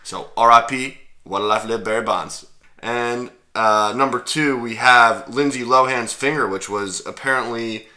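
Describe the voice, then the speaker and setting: Young guy cohosting a sports podcast, super bright sharp voice, jokey and rambly. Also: mid-range voice, unhurried. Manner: joking, rambling with fillers. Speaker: podcast co-host. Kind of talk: casual sports chat.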